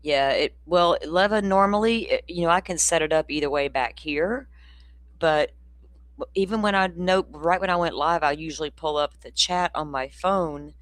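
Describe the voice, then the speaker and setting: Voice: mid-range voice, fairly bright tone, no echo. A livestream host, chatting loosely and rambling while reading out viewer comments. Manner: loose and informal, with a casual swear. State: hiccups. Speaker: true-crime livestream host. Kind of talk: casual livestream chat.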